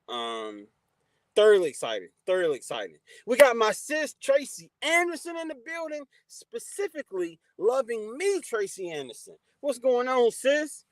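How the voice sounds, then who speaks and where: High-voiced man hosting a casual livestream. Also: no echo, poor audio. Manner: shouts out chat viewers warmly by name, preachy advice. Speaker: livestream host.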